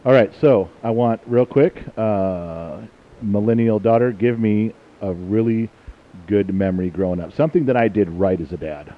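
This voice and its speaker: A middle-aged man hosts a family podcast in a low-pitched voice, blunt and fond of cursing and teasing. He tells stories in a loose, joking way. The recording sounds muffled and lo-fi. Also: moderate pace. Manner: blunt, profane, jokey storyteller. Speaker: podcast host and father. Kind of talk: casual family podcast chat.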